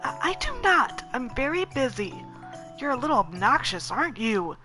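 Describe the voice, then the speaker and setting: A woman's voice: sits high, very animated, normal speed, bright, forceful tone, soft background music, exaggerated voice. A woman voicing a polite, flustered young foreign woman who stammers while trying to be friendly in a story game. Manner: stammering, eager to please.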